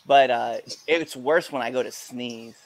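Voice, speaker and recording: A man's voice: mid-range voice, measured pace, dry recording. A man hosting a podcast in casual chat, telling stories with lots of laughter and acting out other people's lines. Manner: laughing storyteller who acts out quotes. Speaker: podcast host.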